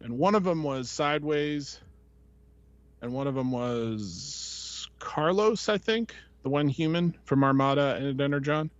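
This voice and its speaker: Podcast host, male, slightly high voice, chatty and rambling storyteller, dull dry lo-fi audio. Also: a little slow, no room sound. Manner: rambling, with many fillers and quoted voices. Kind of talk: casual storytelling chat.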